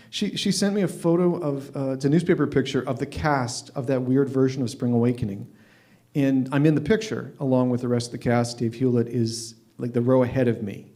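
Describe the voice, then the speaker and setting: Wry, stammering man telling a story. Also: medium pitch. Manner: wry, deadpan, with frequent stammered restarts. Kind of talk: live storytelling at an open mic. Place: stage at an open mic night.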